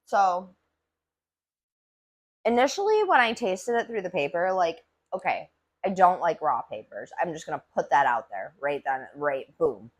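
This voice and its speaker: A woman's voice: fairly low pitch, very animated, measured pace, husky. A woman hosting a casual solo podcast, rambling and chatty with lots of filler words and casual swearing. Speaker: podcast host reviewing cannabis.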